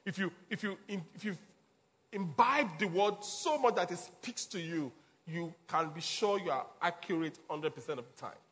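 High-voiced pastor preaching. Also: male voice, animated, normal speed, fairly bright tone. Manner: repetitive, emphatic preaching with chuckles. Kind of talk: sermon.

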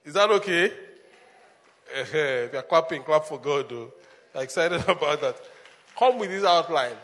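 Husky-voiced preaching pastor, a man. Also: on the high side. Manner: animated preaching with laughs and call-and-response. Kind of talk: sermon. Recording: long hall reverb.

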